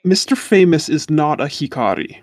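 A podcast co-host speaks in a mid-pitched, deadpan voice. The recording is dry and close, and the delivery stays flat while making jokes. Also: normal speed, no echo. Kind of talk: casual anime recap chat.

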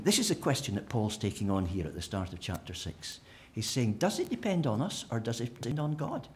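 A man preaching a sermon, animated and humorous, acting out the voices of imagined people. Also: medium pitch. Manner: animated, acts out imagined speakers with humour.

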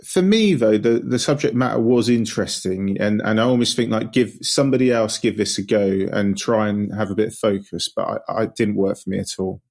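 Male film reviewer, lowish voice, frank and chatty. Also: a little fast, vocal fry, hardly any pauses, a little mellow. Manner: frank, chatty, repeats words. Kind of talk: casual film review chat.

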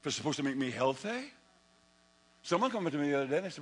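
Animated, husky-voiced preaching man. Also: on the high side, very fast, long pauses, low-quality recording. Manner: animated storytelling, acts out his own past voice. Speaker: pastor. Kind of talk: sermon.

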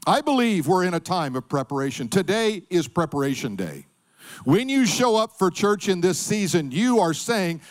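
Middle-aged male pastor, bright and animated delivery, punchy sermon style. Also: high voice. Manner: emphatic preaching with call-and-response.

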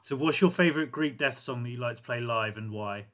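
A man's voice: medium pitch, brisk, fairly bright tone. A man with an English accent hosting a podcast in casual chat, easygoing and reassuring, laughing often. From England. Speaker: podcast host.

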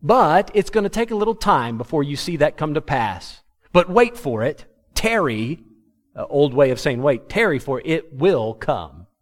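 A man preaching a sermon to his congregation, animated and humorous, acting out the words of biblical figures. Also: on the high side, moderate pace, few pauses. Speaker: pastor.

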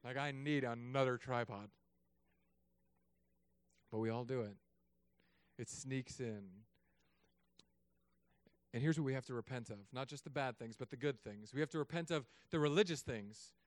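A man, a pastor, preaching a sermon in a casual joking way, moving between quiet asides and loud emphatic stretches. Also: a little high, no room sound. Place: church.

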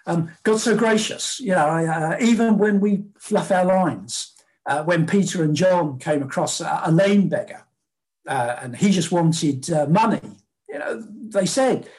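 A man's voice: sits high, animated, measured pace, darkish tone. A man preaching a sermon in a conversational way, with fillers and acted-out quotes.

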